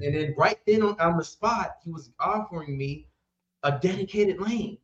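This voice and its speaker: A trucking company owner, appearing as a podcast guest, animatedly tells stories while voicing the characters and laughing frequently. His voice is high-pitched and his pace moderate, in a casual interview recorded with a roomy, slightly dull sound.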